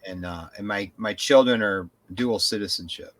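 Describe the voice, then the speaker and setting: Speaking at a moderate pace in a fairly low voice, this male podcast co-host drifts through loose, lively anecdotes and swears plenty during the casual chat.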